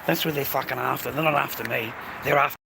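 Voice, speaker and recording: A man's voice: mid-range voice, fairly even intonation, quick pace, creaky. An Australian man vlogging casually, rambling and swearing as he talks to his viewers and calls them mate. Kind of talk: casual ranting vlog. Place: outdoors on streets and in shops. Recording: noisy street recording with traffic.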